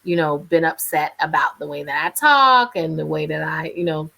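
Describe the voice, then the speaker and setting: A woman with a North Carolina accent talks candidly on a video call. Her voice is bright and forceful. She chats freely as an interview guest, laughs easily and is in her thirties. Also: low-pitched, normal speed, gravelly. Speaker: radio journalist, interview guest. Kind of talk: casual interview talk.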